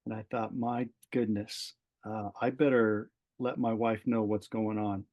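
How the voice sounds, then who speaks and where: On a muffled recording, this Californian man's fairly low voice moves along unhurriedly. He's a middle-aged retired fire captain guesting on a podcast, animatedly recounting something from his own life, voicing the dialogue himself and frequently restarting or filling gaps with "um" and "uh."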